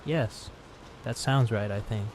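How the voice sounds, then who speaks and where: Brief: male narrator doing a sorrowful ghost train creature, low and plaintive over steady rain. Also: slow, a little hiss or hum. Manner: plaintive, childlike pleading. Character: sad, eerie haunted toy train monster. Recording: steady rain sound behind.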